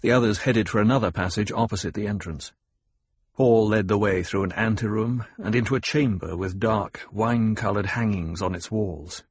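A man narrating an audiobook in a steady, measured way. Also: on the low side, husky, dry recording. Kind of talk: scripted narration.

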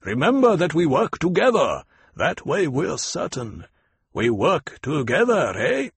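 Stern desert leader, lecturing, blunt, read by a man with a husky voice, dry sound. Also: on the high side, huge pitch swings, a little slow, no room sound, voice pushed up, exaggerated voice. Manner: blunt, commanding, instructive. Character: stern older male desert troop leader.

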